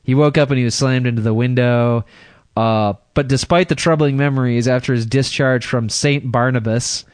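A man's voice: medium pitch, fairly even intonation, normal speed, clear, resonant tone, no room sound, clean studio sound. A man co-hosting a casual podcast, reading news stories aloud with crude jokes, often stumbling over names and laughing mid-sentence. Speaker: podcast co-host.

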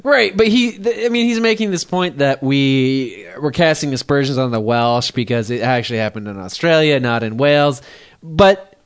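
A man's voice: medium pitch, lively intonation, normal speed, smooth. A man from Michigan co-hosting a podcast, cracking jokes and laughing often in casual chat. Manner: laughing, wisecracking. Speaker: podcast co-host.

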